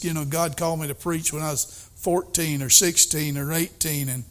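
An older man preaching a sermon, emphatic, swinging between soft asides and excited outbursts. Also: fairly high pitch.

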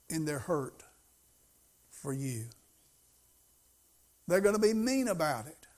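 A man's voice: fairly high pitch, very animated, slow, long pauses, a little mellow. A middle-aged man preaching a sermon as pastor, in a folksy, conversational way that rises to emphasis.

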